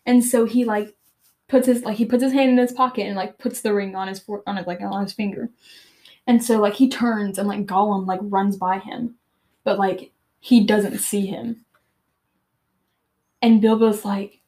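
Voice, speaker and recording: A woman's voice: medium pitch, fairly even intonation, normal speed, mellow. A teenage girl hosting a podcast, retelling and reading aloud from a book in a chatty, filler-heavy way. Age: teens. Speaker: podcast host.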